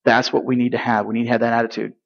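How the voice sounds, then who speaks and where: A man's voice: medium pitch, little pitch movement, very fast, vocal fry, highs cut off. A man preaching a sermon in a conversational way, with rhetorical questions and dry sarcasm. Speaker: pastor.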